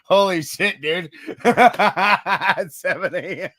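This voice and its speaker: A man co-hosting a podcast, relaxed and quick to laugh. His voice is bright and somewhat high, with a lively pitch. The sound is dry and close. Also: dry recording. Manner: laid-back, laughing. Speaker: podcast co-host. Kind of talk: casual chat.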